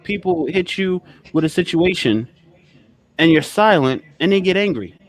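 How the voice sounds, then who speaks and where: A man in casual podcast talk, animated and swearing, who acts out other people's lines and repeats words as he speeds up. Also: sits high, moderate pace.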